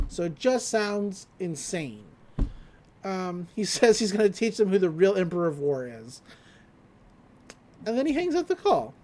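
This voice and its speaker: A podcast host giving a casual episode recap, laughing often and swearing freely. The delivery is loose and chatty, in a medium-pitched voice. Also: darkish tone, a little hiss or hum.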